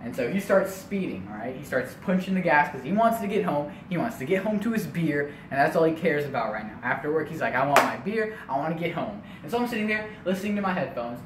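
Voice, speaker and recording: A young man telling a comedic family story in an animated way, full of casual asides. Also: fairly high pitch, fast, few pauses, distant mic. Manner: animated, lots of filler asides. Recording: echoey room, faint noise.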